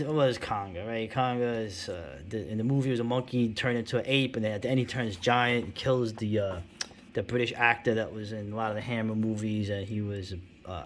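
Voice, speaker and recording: A man's voice: mid-range voice, a little hiss or hum. Rambling middle-aged man chatting about comics. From New York City. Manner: rambling, chuckling, full of fillers and asides. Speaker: comics video host. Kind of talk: casual rambling commentary.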